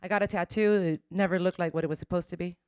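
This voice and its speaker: A woman's voice: on the low side, steady tone, very fast, a little mellow, clean tone, no echo, studio quality. A woman in her forties from Colombia, doing a brash, bawdy stand-up comedy set. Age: 40s.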